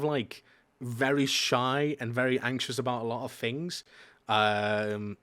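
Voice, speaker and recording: A man's voice: medium pitch, fairly bright tone. A man streamer in casual chat, rambling with lots of fillers and casual swearing.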